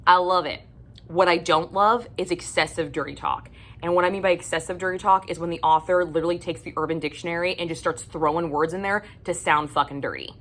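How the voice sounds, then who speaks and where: A woman's voice: on the low side, a bit bright. A woman book vlogger ranting bluntly and profanely about things that annoy her in romance novels, in a casual monologue.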